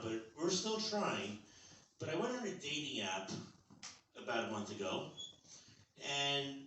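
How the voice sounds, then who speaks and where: A man's voice: mid-range voice, sharp tone. Older man telling rambling stand-up stories. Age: 60s. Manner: rambling, conversational storytelling. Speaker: stand-up comedian. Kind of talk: stand-up comedy set. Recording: echoey club from far off, audience noise.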